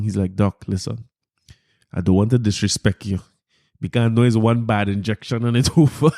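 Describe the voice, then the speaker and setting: Trinidadian man, podcast host, casual monologue, mellow tone, dry close sound. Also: medium pitch, no echo. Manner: animated, incredulous, repeats words often.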